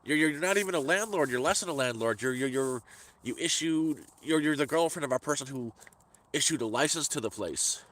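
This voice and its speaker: This middle-aged man's voice runs on the high side, fairly bright, with brisk pacing and lively intonation. In a casual vlog he tells a story in an exasperated rant, repeating words often as he speaks into the phone in his hand.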